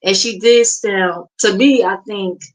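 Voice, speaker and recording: A woman's voice: medium pitch, fairly even intonation, unhurried, poor audio. A woman. She gossips with sassy, mocking asides. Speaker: livestream host. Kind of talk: casual reaction stream chat.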